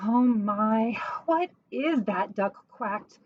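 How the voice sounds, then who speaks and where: A woman reading a picture book aloud in a gentle, measured storytelling manner. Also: fairly high pitch, animated, muffled recording.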